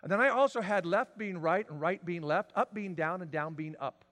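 A man preaching a sermon, swinging from loud, emphatic declarations to quiet, drawn-out lines. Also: sits high, in a large hall. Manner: dramatic swings from shouting to near-whisper. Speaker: pastor.

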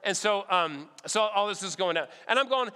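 Preaching at normal speed, a man animates a sermon story by voicing the characters himself. His voice is slightly high, bright and forceful yet smooth and resonant, carried on the long reverb of a large hall.

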